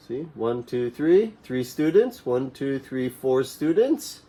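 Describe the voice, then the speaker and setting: A man teaching a classroom English lesson to young learners, repeating simple commands slowly for them to echo. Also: mid-range voice, sing-song, mellow. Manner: slow, repeats phrases for students to echo; mimics classroom commands in a raised voice.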